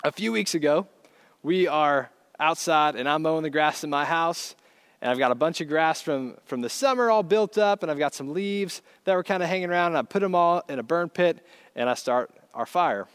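Male preacher, high pitch, lively conversational sermon storyteller. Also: moderate pace, clear, resonant tone.

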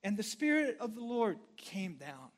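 A man pastor preaching a sermon, telling a story dramatically and swinging from hushed words to loud, blunt exclamations. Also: sits high, big pitch swings, normal speed. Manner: conversational, blunt.

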